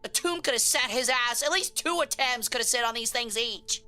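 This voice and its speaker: A woman's voice: on the high side, animated, normal speed, sharp tone. A woman streamer chatting casually on a live stream, slangy and joking as she reacts to chat, with faint music behind her.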